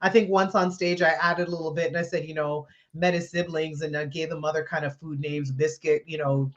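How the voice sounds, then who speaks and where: A woman guest, a comedian, telling a funny story in conversation with lively laughter. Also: sits low, fairly quick. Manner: animated, laughing as she tells the story. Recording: slightly dull lo-fi sound.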